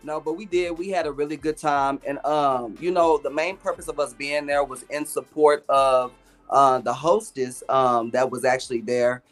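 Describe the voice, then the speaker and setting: Man co-host, casual chat, measured delivery with filler words, faint music behind. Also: medium pitch, steady tone. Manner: measured, sprinkled with ums and uhs. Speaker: podcast co-host.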